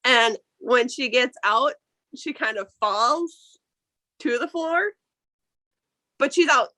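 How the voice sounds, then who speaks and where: A woman running a tabletop game as game master, narrating over an online call in an unhurried, giggly way. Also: on the high side, expressive, sharp tone, low-quality recording. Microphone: online call audio.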